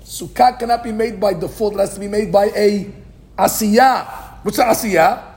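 A man with a high voice, speaking at normal speed, teaches a daily Talmud class, reading the Aramaic text and explaining it in English. Animated, he poses questions and answers them himself, in a podcast recording of the live class.

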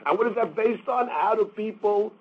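A man's voice: sits high, normal speed, husky, phone-quality sound. A man teaching a daily Talmud class, explaining step by step and mixing Aramaic quotes with English.

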